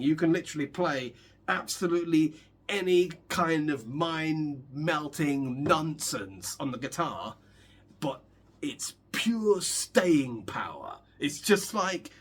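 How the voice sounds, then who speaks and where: A young guitar vlogger talks casually while he practices, his voice rather high and slightly rough. He rambles and jokes with lots of restarts as guitar plays in the background.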